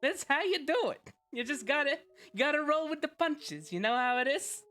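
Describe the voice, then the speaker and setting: A woman's voice: sits high, animated, normal speed, a bit bright, pitched above the performer's own voice. A woman doing a sassy New York alligator. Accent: put-on New York. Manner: sassy, boastful, threatening in jest. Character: brash sassy New York alligator, streetwise tough talker.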